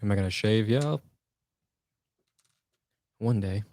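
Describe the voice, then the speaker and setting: A man's voice: fairly low pitch, takes it slowly, darkish tone. A man from the United States chatting casually on a livestream, joking and answering viewer comments.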